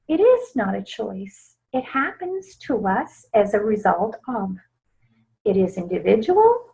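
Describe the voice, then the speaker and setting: A woman presenting a webinar on grief in a gentle, soft-spoken way with small laughs. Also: a little high. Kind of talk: teaching webinar talk. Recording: slightly dull lo-fi webinar audio.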